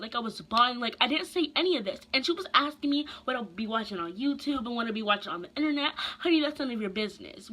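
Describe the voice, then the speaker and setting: A young woman vlogger tells a casual storytime in a bright, crisp voice that sits a little high. She talks in a chatty, animated way, full of slang and quick asides.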